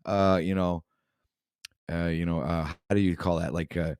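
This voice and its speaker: A man's voice: low voice, steady tone, normal speed, darkish tone, clean tone, no echo, studio quality. A man with a Canadian accent hosting a casual livestream talk show, rambling with many fillers and restarts.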